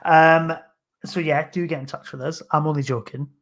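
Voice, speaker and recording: A man's voice: a little high, fairly even intonation, moderate pace, a bit bright. Jokey rambling man. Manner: jokey, rambling, with mild swearing. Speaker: podcast host. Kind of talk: casual chat.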